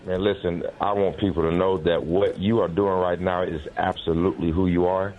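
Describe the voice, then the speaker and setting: A pastor calling in to a radio show, talking earnestly with many pauses and ums. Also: male voice, low voice, flat delivery. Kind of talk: casual phone-in chat. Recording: tinny phone line with faint noise.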